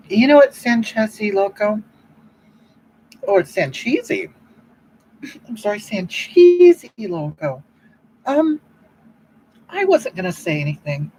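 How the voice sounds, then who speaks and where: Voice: a little mellow, a little hiss or hum, poor audio. A performer playing a self-righteous older woman who hosts a livestream, rambling and preaching about love while reading the chat. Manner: rambling, keeps repeating "you know what?", swoops up and down in pitch. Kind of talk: comedic improvised livestream monologue.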